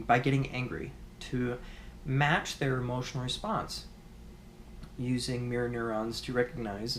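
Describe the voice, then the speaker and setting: A man teaching a course in a conversational video lecture, often restarting sentences and pausing with fillers. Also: medium pitch, a little hiss or hum. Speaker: course instructor.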